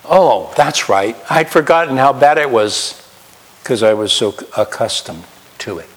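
A man preaching a sermon as pastor, swinging from loud emphatic highs to quiet low asides. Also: lively intonation, measured pace. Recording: long hall reverb.

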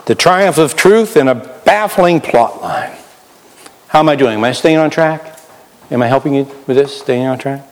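A man preaching a sermon as pastor, animated, swinging between loud outbursts and hushed asides while acting out voices. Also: mid-range voice, moderate pace, in a large hall.

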